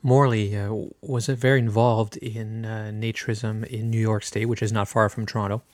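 A middle-aged man hosting a podcast, telling a personal story in a relaxed, chatty way with many filler words. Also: lowish voice, normal speed, no room sound. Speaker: podcast host.

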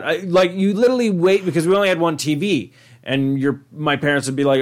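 A man's voice: mid-range voice, quick pace. A man co-hosting a podcast in casual chat, rambling and swearing as he tells stories. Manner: rambling, profane, acts out quoted voices. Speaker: podcast co-host.

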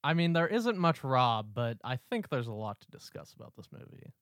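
A man's voice: medium pitch, very animated, normal speed, a bit bright, no echo, studio quality. Earnest, hedging man on a film podcast. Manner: earnest, hedging, thinks aloud. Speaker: podcast co-host. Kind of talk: casual film discussion.

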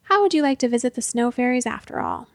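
Storybook reading: a woman as a polite, mysterious gentleman, soft-spoken, dry close sound. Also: extremely high pitch, expressive, fast, creaky, no echo, full character voice.

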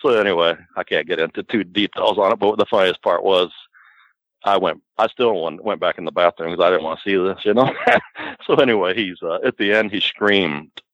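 A man's voice: sits low, animated, normal speed, fairly bright tone, dry recording, low-quality recording. A man guest on a podcast, telling rambling anecdotes in a casual way and acting out quotes. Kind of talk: casual storytelling.

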